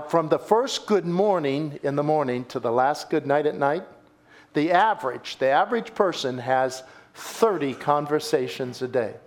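A male pastor preaching a sermon, telling a story with dramatic emphasis and repetition and calling his listeners folks. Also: fairly high pitch.

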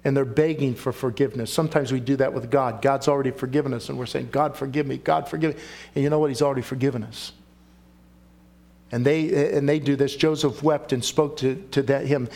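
A man's voice: medium pitch, steady tone, fairly quick, a little mellow. A man preaching a sermon and reading scripture aloud. He speaks emphatically and keeps asking the listeners questions.

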